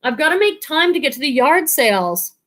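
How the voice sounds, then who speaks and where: A chatty woman in her thirties hosts a live stream and reads viewers' comments aloud. Her voice sits high, and she talks in a bubbly, rambling way, full of fillers and quick laughs. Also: big pitch swings. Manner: chatty, bubbly, many likes and ums, laughs often. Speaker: live stream host, online reseller. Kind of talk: casual live stream chat reading comments.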